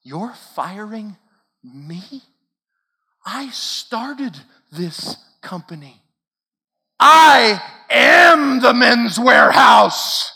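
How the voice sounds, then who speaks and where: Preacher doing a gravelly, outraged fired boss. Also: male voice, high-pitched, very animated, extremely slow, pauses often, pitched above the performer's own voice, exaggerated voice. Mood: indignant. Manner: outraged, defiant, shouting. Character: indignant ousted middle-aged male company boss.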